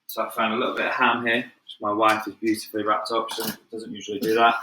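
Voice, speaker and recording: Mancunian male chef, casual live-stream patter, bright voice, roomy home-kitchen sound. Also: on the low side, completely flat delivery, quick pace, slight background noise. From England. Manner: chatty, upbeat, addresses viewers as "guys", moves around the kitchen.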